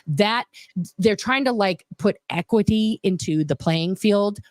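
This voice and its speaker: A woman's voice: medium pitch, expressive, measured pace, darkish tone, dry recording. A woman in her forties hosting a casual livestream, chatting and reading viewer comments aloud, swearing now and then. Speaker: host.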